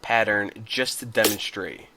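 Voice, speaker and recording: A man hosting a casual screen-recorded software tutorial, relaxed and chatty, talking straight to his viewers and now and then clearing his throat. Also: on the low side, a little slow, heavy background noise.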